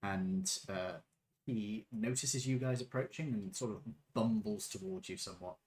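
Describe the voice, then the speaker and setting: A man's voice: on the low side, normal speed, darkish tone, slight background noise. A man running a tabletop game as game master, narrating casually with hesitant fillers.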